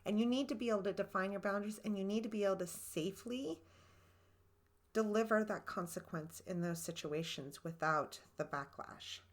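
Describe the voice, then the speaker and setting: A woman's voice: medium pitch, normal speed. A woman co-hosting a marriage podcast, earnestly explaining boundaries with worked examples from her own marriage. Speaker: podcast co-host. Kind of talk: relationship advice talk.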